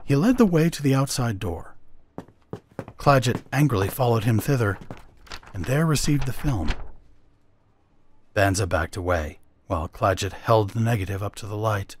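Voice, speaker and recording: A man's voice: lowish voice, expressive, moderate pace, pauses often, slight background noise. A man narrating a science fiction story with dramatic expression on his podcast. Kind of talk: story reading.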